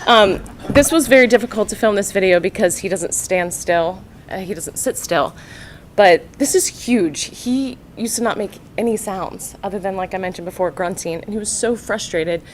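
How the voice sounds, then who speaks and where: A woman speaking as a parent at a county board meeting, nervous and halting, with many fillers. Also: medium pitch, a little hiss or hum. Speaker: parent giving testimony. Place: public meeting room.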